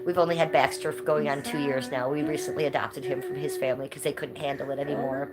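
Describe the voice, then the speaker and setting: A woman's voice: sits low, poor audio. A woman livestreaming from home in casual chat, blunt and combative, swearing freely. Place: indoors at home, high-ceilinged room.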